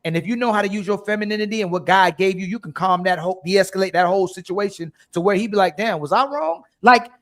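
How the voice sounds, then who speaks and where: High-voiced man preaching in a podcast debate. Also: quick pace, hardly any pauses. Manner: preachy, animated, repeats himself. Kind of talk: heated casual podcast debate.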